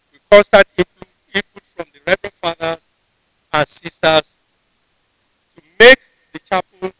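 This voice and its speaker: At a ceremony venue, a university official with a Nigerian English accent gives a formal convocation address in a voice high for a man, bright, forceful, clear, and resonant. He speaks measuredly and deliberately, often restarting phrases mid-sentence, and the sound is dry and close with little echo.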